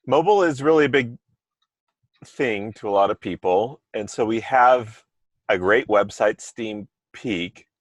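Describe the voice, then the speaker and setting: A man's voice: on the low side, unhurried, no echo, lo-fi sound. A man hosting a podcast in casual chat, talking loosely with asides and restarts over a remote call microphone. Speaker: podcast host.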